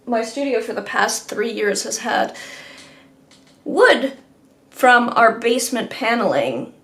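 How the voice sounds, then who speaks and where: Chatty high-voiced woman painting live. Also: big pitch swings, takes it slowly, creaky, a bit bright. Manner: chatty, rambling, self-deprecating asides. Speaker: livestream painter and host. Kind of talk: casual chat while painting live. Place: home art studio. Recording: roomy room, faint background noise.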